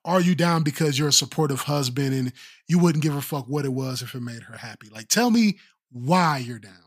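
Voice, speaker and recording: A man co-hosting a podcast, chatting casually and telling animated, laughing stories. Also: medium pitch, brisk, husky. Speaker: podcast co-host.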